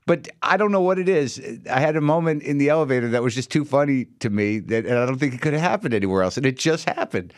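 A man's voice: medium pitch, animated, fast talker, hardly any pauses, dry recording, clean studio sound. A radio host delivering a rambling, wry comic monologue, acting out the people he quotes.

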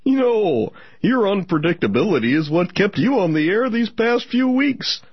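A man voicing a gentle, kindly male turtle who counsels a radio host, in a soothing, reassuring way. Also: high voice, big pitch swings, moderate pace, husky, no room sound, heavily acted. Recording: dull lo-fi radio sketch.

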